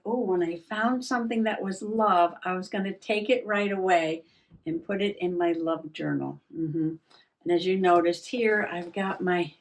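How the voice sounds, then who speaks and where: A woman hosting a relaxed, chatty journaling vlog at her craft table, musing aloud with soft laughs. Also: mid-range voice. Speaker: journaling vlogger. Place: home craft table indoors. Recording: voice a little distant from mic.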